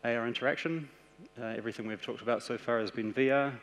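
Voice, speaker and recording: A man with a New Zealand accent giving a conference presentation, explaining ideas in a steady, practical way. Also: medium pitch, fast talker. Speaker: conference speaker. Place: large conference hall. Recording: echoey conference hall.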